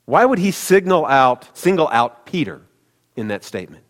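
A man's voice: a little high, sing-song, normal speed. Man preaching in a reverberant hall. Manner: conversational, speaks directly to the congregation. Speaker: pastor. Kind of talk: sermon.

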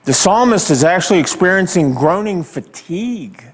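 A husky, expressive pastor's voice, a little higher than the average man's and ranging widely in pitch, carries a sermon full of heavy emphasis and long, dramatic pauses. He asks his congregation pointed questions, and each line echoes with a long reverb suggesting a large sanctuary.

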